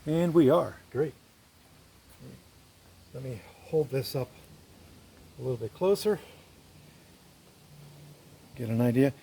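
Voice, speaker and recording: A man's voice: medium pitch, slow pace, creaky, long pauses, mellow, breathy edge. A man narrating his woodworking step by step, thinking aloud as he works in his shop. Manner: thinks aloud, explains each step as he goes. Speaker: woodworker and video host. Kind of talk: casual workshop narration while working. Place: woodshop.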